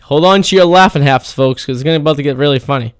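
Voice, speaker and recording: A man's voice: fairly high pitch, fast talker, smooth, no echo. A young man hosting a college radio show from a campus studio, joking and rambling between clips. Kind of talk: casual radio chat. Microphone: studio mic.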